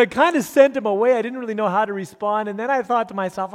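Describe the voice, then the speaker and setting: High-voiced man telling a story from the pulpit. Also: quick pace. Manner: earnest storyteller with self-deprecating humor and frequent restarts. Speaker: pastor. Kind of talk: storytelling sermon talk. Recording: long hall reverb.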